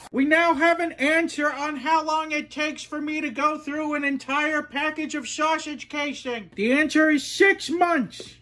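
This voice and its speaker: High, bright-voiced sardonic man. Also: takes it slowly. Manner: sardonic, deadpan ranting. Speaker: cooking show host. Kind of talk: comedic cooking video talk.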